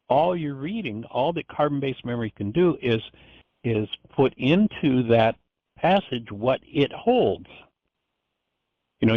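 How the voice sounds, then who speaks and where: A man's voice: lowish voice, no echo. An older man hosting a radio show, giving a reflective spiritual talk and telling stories with frequent restarts. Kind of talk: spiritual teaching monologue. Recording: dry, dull lo-fi radio sound.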